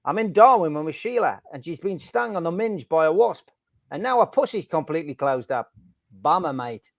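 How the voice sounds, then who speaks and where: A man's voice: on the high side, expressive, moderate pace, no room sound, lo-fi sound. A man voicing a brash male Australian helpline caller with a put-on Australian accent, telling a crude joke. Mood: cheeky. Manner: cheeky, crude joke delivery.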